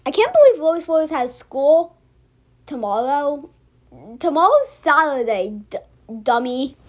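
Young girl w a high voice riffing on a cartoon, chatty n snarky, trips over her words. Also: big pitch swings, slow. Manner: chatty, restarts a lot, mocking. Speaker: reaction video host. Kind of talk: casual reaction commentary.

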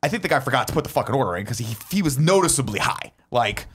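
A man telling a story in a casual podcast chat, emphatic and profane, in quick bursts. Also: mid-range voice, very animated, a bit bright, breathy edge. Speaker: podcast co-host.

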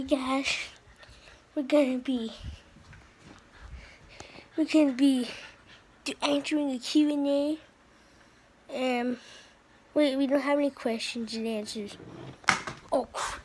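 A woman talks to her camera in a high voice, drawn out and unhurried. She rambles, restarts her sentences and giggles between them. A faint hiss sits under the recording. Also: fairly even intonation, a little mellow. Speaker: vlogger. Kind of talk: casual home vlog.

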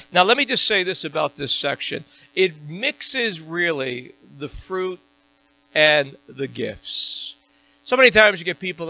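A man's voice: a little high, gravelly, sharp tone, poor audio. A man preaching a sermon as a pastor, building to emphatic peaks and throwing questions out to his congregation. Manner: preaching with rising, emphatic call-and-response questions. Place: church sanctuary.

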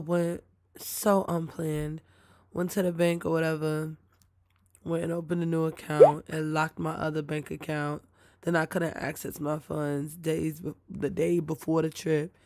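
Tired, gravelly-voiced woman vlogger. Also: deep voice, flat delivery, unhurried, mellow, a little hiss or hum. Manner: chatty, addresses viewers directly. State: tired, late at night. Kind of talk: casual voiceover storytelling.

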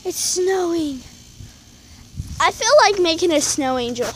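A young woman, chatting excitedly to her phone camera outdoors in falling snow, full of "y'all" and "like". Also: very high-pitched, a little slow. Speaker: vlogger. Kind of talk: casual outdoor vlog. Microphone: handheld phone camera. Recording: noisy outdoor phone recording.

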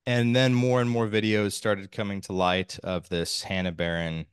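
A man hosting a podcast, talking in a measured way with restarts and small laughs. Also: lowish voice, little pitch movement, clear, resonant tone, no echo, studio quality. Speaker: podcast host. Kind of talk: casual podcast chat.

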